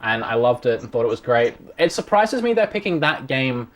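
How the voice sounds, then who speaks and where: A man's voice: mid-range voice, moderate pace. A man hosting a casual gaming news chat, steering the talk with questions. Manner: relaxed, leads the discussion with questions. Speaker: show host.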